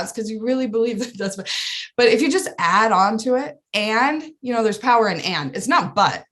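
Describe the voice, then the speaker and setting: A woman life coach, a guest on a podcast, explaining her ideas in an earnest, animated way and laughing often. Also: on the high side, fairly quick. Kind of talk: casual interview chat.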